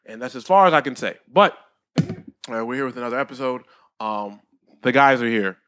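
A man hosting a podcast, introducing his co-hosts in quick, jokey banter. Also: mid-range voice, a bit bright. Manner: fast, jokey, laughing a lot. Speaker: podcast host.

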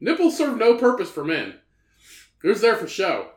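A man's voice: high-pitched, huge pitch swings, normal speed, roomy sound. A man co-hosting a casual podcast, firing off crude, disbelieving wisecracks. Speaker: podcast co-host. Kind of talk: casual banter.

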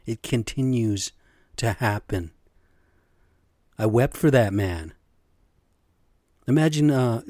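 A man's voice: medium pitch, darkish tone, no echo, studio quality. Blunt, swearing middle-aged man ranting. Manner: blunt, swearing, repeats "right?" and "okay?". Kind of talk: impassioned personal rant.

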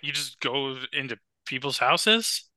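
A young man co-hosting a casual podcast, telling stories with lively, worked-up energy. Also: mid-range voice, unhurried, no echo. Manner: animated storyteller, gets loud and worked up. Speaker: podcast co-host. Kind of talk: casual chat.

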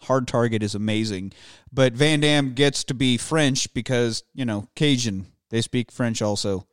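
A man's voice: medium pitch, unhurried, clear, resonant tone, dry recording, studio quality. A man co-hosting a casual movie podcast, joking and cursing as he rambles through a film. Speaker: podcast co-host.

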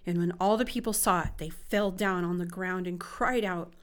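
A woman reading scripture aloud in an expressive, measured way. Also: on the low side. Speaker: Bible reader.

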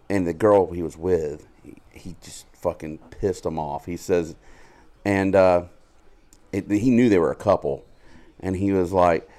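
A man's voice: deep voice, lively intonation, measured pace, long pauses, darkish tone. A man co-hosting a podcast, telling stories in a casual, profane way and laughing often. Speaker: podcast co-host. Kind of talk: casual chat.

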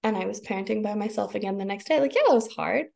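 A woman's voice: medium pitch, fast, creaky, darkish tone. A woman in her thirties, a podcast guest, talking casually and expressively, laughing often and acting out her own inner voice. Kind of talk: casual conversation.

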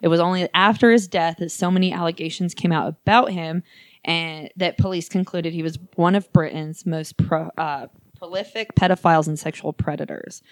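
Woman, casual storyteller with a slightly low voice, profane and joking, dry close mic. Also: steady tone, moderate pace, dry recording. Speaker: podcast co-host. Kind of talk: casual chat.

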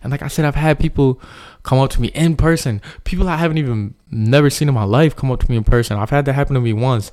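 A young man hosts his own podcast in a fast, mid-range, slightly mellow voice, delivering an earnest, reflective monologue that rambles loosely and is full of fillers.

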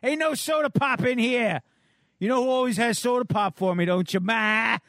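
A man voicing a bratty teenage skater boy who whines and yells demands at his mother while reading a comic aloud. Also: very high-pitched, moderate pace, no echo, studio quality, voice pushed up. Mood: whining. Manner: whiny, yelling demands. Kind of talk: comic book read-aloud.

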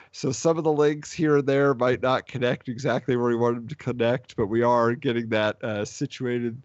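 Chatty podcast host with a dull, dry sound. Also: male voice, medium pitch, no echo. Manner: chatty, rambling with restarts. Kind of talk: casual podcast chat.

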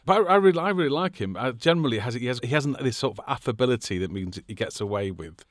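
A man's voice: mid-range voice, expressive, quick pace, no room sound, studio quality. A man from England co-hosting a casual film podcast, wry and thoughtful. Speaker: podcast co-host.

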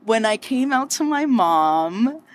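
A middle-aged woman bartender telling her story in an interview, lively and chatty, laughing often and adding quick asides. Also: on the high side, a little hiss or hum. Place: inside a bar.

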